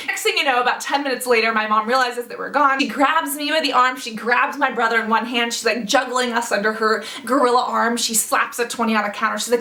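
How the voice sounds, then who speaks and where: Young woman vlogging a family story, kinda high pitched, echoey room. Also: quick pace. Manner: animated, acts out family members' voices. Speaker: beauty vlogger. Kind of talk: storytime vlog. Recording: roomy echo, mic at a distance.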